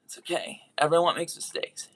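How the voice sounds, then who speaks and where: A YouTube voice actor speaking directly to viewers in an apology video, earnest and halting, often restarting sentences while saying sorry. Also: medium pitch, fairly even intonation.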